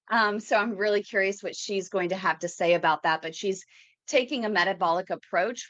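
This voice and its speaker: A woman's voice: mid-range voice, a bit bright, no room sound, muffled recording. A woman hosting a live podcast, talking in a chatty, rambling way with fillers and restarts. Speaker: podcast host. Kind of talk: casual live podcast talk.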